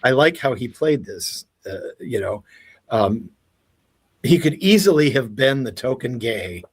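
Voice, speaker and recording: Husky animated man, podcast guest. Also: mid-range voice, a little slow. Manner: animated, laughs often, swears casually. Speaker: guest entertainment expert. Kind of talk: casual podcast chat.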